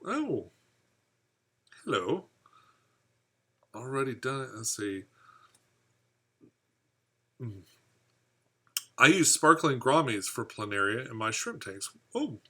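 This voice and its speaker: A man's voice: medium pitch, very animated, slow pace, long pauses, pushed and bright, breathy edge. A man hosting a live fishkeeping stream, reading viewer comments aloud and chatting in a rambling, easygoing way. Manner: rambling, chatty, laughs at own jokes. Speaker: fishkeeping channel host.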